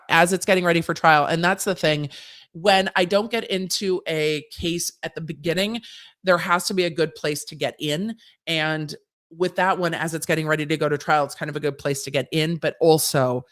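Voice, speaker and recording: A woman's voice: deep voice, moderate pace, fairly bright tone. A woman hosting a legal commentary livestream, answering viewer questions in a chatty, casual way with slangy, sassy asides. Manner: chatty, conversational, with frequent restarts and asides; breezy and sassy, mixing slang into legal talk.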